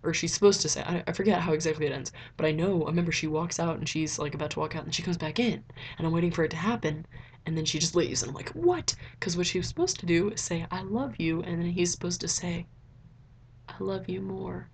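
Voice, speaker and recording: A young woman chatting casually in a rambling vlog review, filling her talk with "like" and jumping up in pitch when excited. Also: fast, a little hiss or hum. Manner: chatty, rambling, heavy use of "like". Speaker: vlogger. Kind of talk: casual movie review chat.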